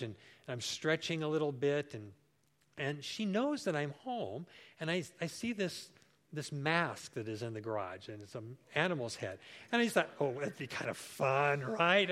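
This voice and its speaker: A man in his sixties preaching a sermon as pastor, telling a homely story and acting out the voices he quotes. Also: fairly high pitch. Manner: warm storytelling, acts out quoted voices with big jumps.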